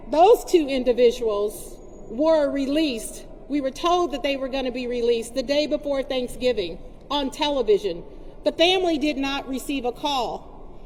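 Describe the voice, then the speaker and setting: A woman's voice: high-pitched, in a large hall, slight background noise. Impassioned woman addressing a protest crowd. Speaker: rally speaker. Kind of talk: protest speech.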